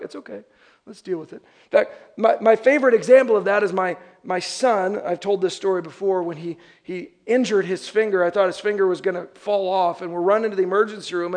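A young adult man, a pastor, preaching a sermon and acting out the voices of people he describes. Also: sits high. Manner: animated, acts out quoted voices.

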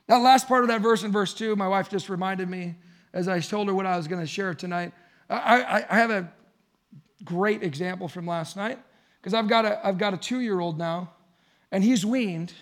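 A man's voice: sits high, moderate pace. A man in his thirties preaching a sermon to his congregation in a conversational way, building to emphatic points. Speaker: pastor.

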